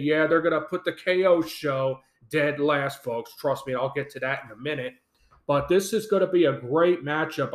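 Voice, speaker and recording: A man's voice: on the high side, fairly bright tone. A man hosting a solo fan podcast. He talks with enthusiasm, gives strong opinions and laughs often. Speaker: podcast host. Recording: echoey room.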